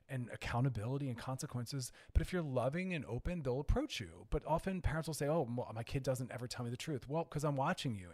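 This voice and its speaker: A man of ordinary middle pitch hosts a radio advice hour. He talks frankly and earnestly, drawing firm lines while staying loose and conversational. He often trails into fillers as he coaches his listeners. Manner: conversational with frequent "like" and "I don't know". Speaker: radio advice show host. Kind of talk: frank advice talk on air.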